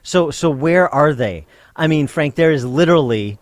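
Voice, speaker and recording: Emphatic talk radio host, dry studio sound. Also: male voice, fairly high pitch, lively intonation, no echo. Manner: emphatic, halting restarts then pointed questions. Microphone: studio microphone.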